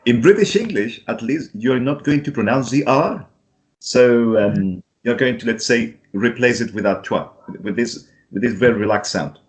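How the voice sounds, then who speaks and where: A man from Chile, an English teacher patiently modelling vowel sounds and checking in with his student. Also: mid-range voice. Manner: patient, repeats sounds slowly, keeps checking with "right?". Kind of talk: pronunciation lesson.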